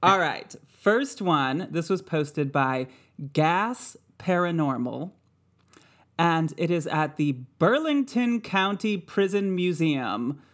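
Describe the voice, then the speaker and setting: Slow, playful podcast hostess. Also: female voice, lowish voice, animated. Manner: playful, laughing often, rambling asides. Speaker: podcast host. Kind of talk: casual chat.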